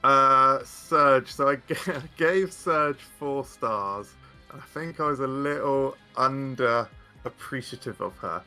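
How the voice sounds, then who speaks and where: A man's voice: medium pitch, slow pace, sharp tone, soft background music. A man chatting casually as a guest, rambling with frequent fillers and restarts. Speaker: guest card game content creator. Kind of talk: casual chat.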